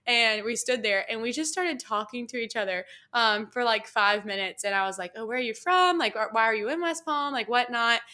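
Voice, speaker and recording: A young woman hosting a podcast, telling a personal story in a casual, chatty way. She fills her speech with "like" and "you know.". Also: a little high. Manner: animated, acts out dialogue. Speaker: podcast host.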